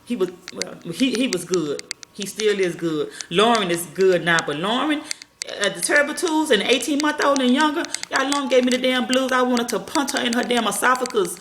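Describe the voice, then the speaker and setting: Filming in a small room of her home, a woman who vlogs about parenting talks loosely and profanely to "y'all," drifting between ideas. She speaks at normal speed in a somewhat high, bright voice, with slight background noise and echo.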